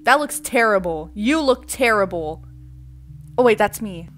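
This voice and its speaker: A young woman commentates her gameplay with a bright, forceful voice that bounces all over its range, sassy and theatrical. She talks in an unhurried way, drawing her words out for effect. Faint music plays under her voice. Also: mid-range voice, animated. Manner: playful, dramatic, sassy, talks to the viewers. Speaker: gaming streamer.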